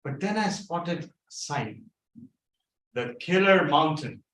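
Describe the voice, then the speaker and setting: Animated man telling a story. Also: a little high, slow pace. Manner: animated, theatrical. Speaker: club speaker. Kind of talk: humorous storytelling speech. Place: meeting room. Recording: echoey room, distant mic.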